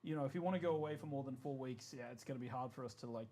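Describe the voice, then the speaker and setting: Fast-talking joking man streamer. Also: mid-range voice, dark tone, a little hiss or hum. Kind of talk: casual live-stream chat.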